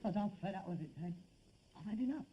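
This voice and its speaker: A man's voice: high-pitched, lively intonation, fast, muffled recording, a little hiss or hum. A man with a London Cockney accent playing Harold, a weary, sarcastic rag-and-bone son in a 1960s TV sitcom, swinging between mock grandeur and despair. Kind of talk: 1960s television sitcom acting.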